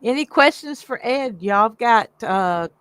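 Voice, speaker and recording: A woman hosting a livestream in casual chat, reading viewer comments aloud in a chatty, warm way. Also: a little high, animated, unhurried, no echo, rough recording. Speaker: livestream host.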